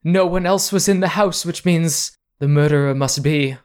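A man's voice: moderate pace, darkish tone, clear, resonant tone, lightly acted. A man voicing a distraught aristocratic Edwardian woman in breathless melodrama. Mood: melodramatic grief. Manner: breathless melodrama, voice raised high.

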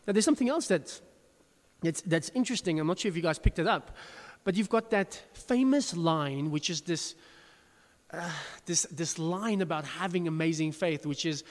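A man's voice: high-pitched, animated, moderate pace, long reverb tail. A pastor preaching a sermon to his congregation, chatty and self-deprecating, with frequent restarts.

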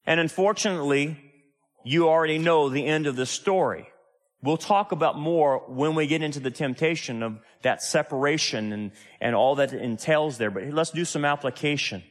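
Male pastor, slightly raised pitch, emphatic sermon delivery with rhetorical questions; long hall reverb. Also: moderate pace.

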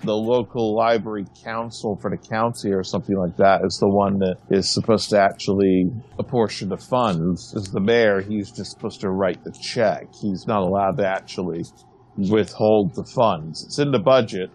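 A man co-hosting a podcast, explaining a point step by step with halting restarts. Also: on the low side, a little mellow. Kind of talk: casual podcast talk.

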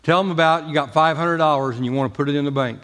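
A man's voice: fairly high pitch, quick pace, a bit bright, long reverb tail. A man preaching a sermon as pastor, talking in a folksy, emphatic way with jokes. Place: church sanctuary.

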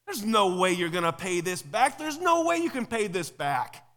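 A man's voice: high voice, expressive, normal speed, pushed and bright. A man playing an exasperated, blunt king. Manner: blunt, casual and dismissive. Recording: long reverb in a large hall.

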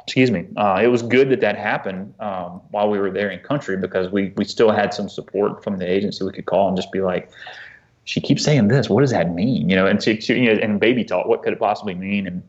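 A man telling a personal story as an interview guest, earnest and halting, often restarting his sentences. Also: fairly low pitch, fairly even intonation, lo-fi sound. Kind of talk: conversational storytelling.

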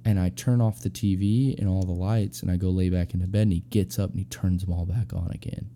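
A man's voice: low-pitched, steady tone, a little fast, dark tone, a little hiss or hum. A young adult man casually telling a personal anecdote, rambling and slangy with lots of fillers. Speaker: storyteller.

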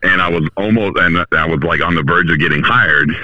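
A man's voice: low voice, brisk, dry recording, lo-fi sound. A man, an actor calling in, telling a story in casual podcast chat with plenty of swearing. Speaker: guest caller, actor.

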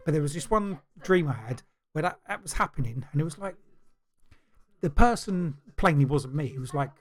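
A man's voice: a little high, lively intonation, normal speed. A man co-hosting a podcast, chatting casually and telling stories in a rambling, stop-start way. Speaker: podcast co-host. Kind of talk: casual chat.

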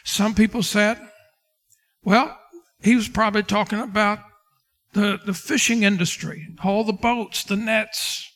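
Man pastor, high-pitched, preaching a sermon and acting out scripture scenes. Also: fairly even intonation, measured pace, a bit bright. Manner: preaching with King James quotes and dramatic retellings.

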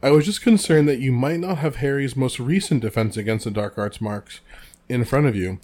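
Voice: mid-range voice, normal speed, a little mellow, natural voice. A podcaster doing a honeyed, simpering woman official. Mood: saccharine. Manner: honeyed, falsely polite tone. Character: sugary, simpering middle-aged woman official. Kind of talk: reading a novel aloud on a podcast.

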